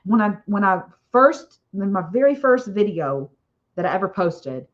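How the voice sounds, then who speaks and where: A woman's voice: medium pitch, big pitch swings, moderate pace, muffled recording. A woman author hosting a casual live stream, chatting in a rambling way with frequent "okay?" tags and little laughs.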